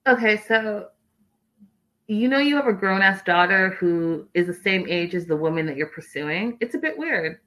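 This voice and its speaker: A young adult woman hosts a casual livestream recap, gossiping chattily about a reality show and reading viewer comments aloud as she answers them. She has a medium-pitched, animated, fairly bright voice at normal speed, and the audio is poor.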